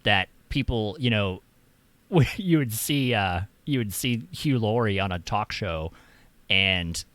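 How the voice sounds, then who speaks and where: A man with an American accent, hosting a casual stream chat in a relaxed, rambling way with many fillers. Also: lowish voice, takes it slowly. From United States. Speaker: streamer host.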